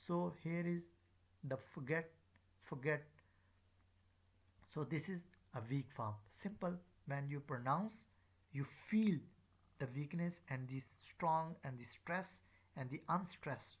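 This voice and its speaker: A man teaching English pronunciation in a recorded lecture. He pauses often with fillers and repeats example words again and again as drills. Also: on the high side. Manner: hesitant, frequent uh fillers.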